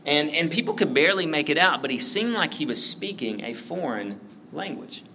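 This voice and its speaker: A man preaching a sermon, praying and then telling a story in a relaxed, chatty way, full of "like" and "right?". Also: fairly high pitch, normal speed, a little hiss or hum, rough recording. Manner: conversational, lots of fillers like "like" and "right?". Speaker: pastor.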